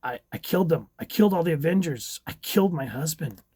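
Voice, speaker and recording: A man's voice: on the high side, expressive, a little fast, darkish tone, breathy edge, no echo. A man reading comic lines aloud as a distraught young woman with reality-warping powers, frantic and pleading.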